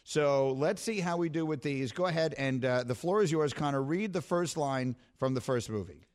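A man's voice: fairly high pitch, animated, normal speed. A man hosting a sports talk show, playful and wry, teasing his staff and riffing dramatically. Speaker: sports radio host.

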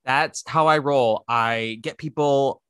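A man's voice: medium pitch, takes it slowly, a bit bright, clean tone, no room sound, studio quality. A man hosting a podcast in casual chat, playful and opinionated. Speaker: podcast host.

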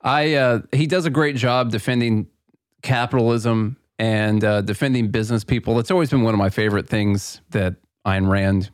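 A man co-hosting a podcast in casual chat, easygoing and quick to laugh along. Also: mid-range voice, steady tone, no echo, clean studio sound. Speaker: podcast co-host.

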